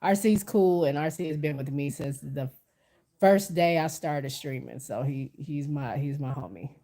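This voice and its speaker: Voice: mid-range voice, unhurried, warm tone. Stuffy-nosed livestreamer reading chat. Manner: talks straight to viewers, frequent restarts and self-corrections. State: stuffy from a cold. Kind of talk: casual livestream chat, reading viewer comments aloud.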